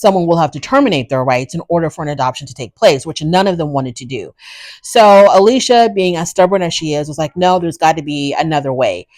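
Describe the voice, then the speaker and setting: Woman host, frank and chatty recap commentary; lowish pitch, dry close sound. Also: expressive, fast, a little mellow, no room sound. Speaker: reality show recap host. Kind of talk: casual commentary.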